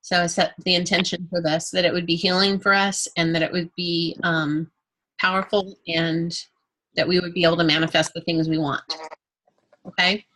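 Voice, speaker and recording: A woman's voice: fairly low pitch, little pitch movement, moderate pace, sharp tone, rough recording. A woman from Texas leading a group art workshop and guided meditation, encouraging and upbeat. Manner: upbeat, encouraging, often laughing. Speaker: art class instructor. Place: indoor class room with a group.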